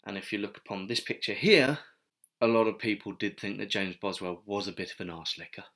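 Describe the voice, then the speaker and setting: A man's voice: on the low side, brisk, a bit bright. Chatty wry man on history. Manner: chatty, digressive, wry asides. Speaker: video essayist. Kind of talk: casual history commentary.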